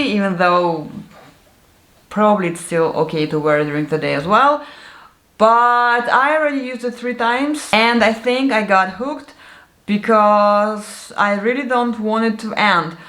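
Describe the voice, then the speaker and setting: A woman's voice: medium pitch, measured pace, a bit bright. A woman from Siberia, chatting candidly about products she liked in a casual vlog. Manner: chatty, candid, laughs often. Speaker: vlogger. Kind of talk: casual product review chat. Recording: echoey room.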